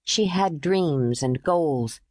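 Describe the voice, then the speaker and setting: A woman narrating a novel audiobook in a measured, expressive read. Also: sits low, no room sound, studio quality. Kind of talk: scripted narration.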